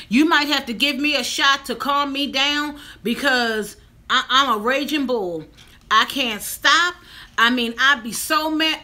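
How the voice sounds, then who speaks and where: A woman, chatting casually and emphatically to viewers in a vlog. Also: sits high. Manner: animated, talks straight to viewers, emphatic. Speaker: vlogger. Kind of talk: casual mukbang chat to viewers.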